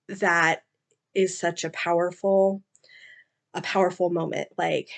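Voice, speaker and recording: A woman's voice: fairly low pitch, gravelly. A woman chatting casually about novels she has read, retelling the plot with lots of fillers, asides and personal stories. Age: adult, mother. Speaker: book reviewer. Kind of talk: casual book discussion.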